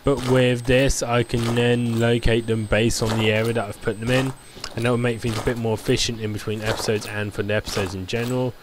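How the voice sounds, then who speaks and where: A man's voice: mid-range voice, little pitch movement, fairly quick, few pauses, noisy background. A man giving casual, rambling commentary while playing a building game, chatty and full of "like" fillers. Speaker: gameplay commentator.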